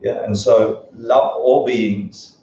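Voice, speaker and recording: Guy teaching a relaxed buddhism class, cracks jokes, dark tone, dull roomy sound from far off. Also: on the low side, takes it slowly, vocal fry. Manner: joking and animated, laughs often. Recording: echoey dull room recording from afar.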